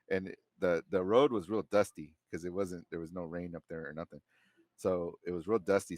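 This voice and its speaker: Male podcast guest, deep voice, laid-back storyteller who rambles with slang. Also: no room sound, studio quality. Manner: loose and rambling, heavy slang and swearing. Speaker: podcast guest, former Marine. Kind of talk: casual storytelling.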